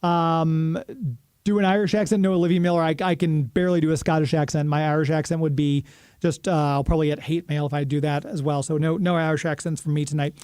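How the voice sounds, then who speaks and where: A man's voice: fairly high pitch, little pitch movement, fast talker, darkish tone, smooth, no echo, studio quality. A man hosting a radio show, chatting casually and reading a sponsor spot with plenty of fillers.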